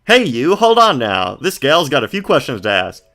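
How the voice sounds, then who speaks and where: A man's voice: medium pitch, huge pitch swings, measured pace, creaky, bright, forceful tone, pitched above the performer's own voice, heavily acted. A man voicing a brash, pushy Southern woman photographer in a game, talking in a folksy drawl with country slang. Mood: brash excited.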